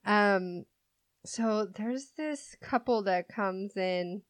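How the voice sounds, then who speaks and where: Slow-talking young woman telling work stories. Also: medium pitch, dry recording. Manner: unhurried storyteller, swears casually, laughs often. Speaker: store clerk. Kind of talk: casual chat.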